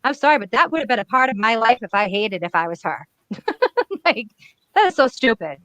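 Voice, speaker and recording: A woman hosting casual comic commentary on a webcam, blunt, profane and excitable. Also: fairly high pitch, a little fast, dry recording. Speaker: comic reviewer host.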